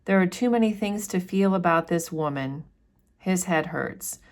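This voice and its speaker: A woman's voice: fairly low pitch, normal speed. A woman talking casually through a novel chapter as a teacher, reading passages aloud between chatty remarks full of "like" and "you know". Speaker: literature teacher discussing a novel. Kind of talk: casual book discussion with read-aloud passages.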